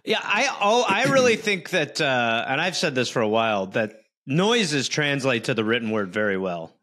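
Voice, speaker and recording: A man's voice: medium pitch, sing-song, moderate pace, bright, forceful tone. A man co-hosting a comedy podcast, firing off playful, sarcastic quips. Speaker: podcast co-host. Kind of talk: joking podcast banter.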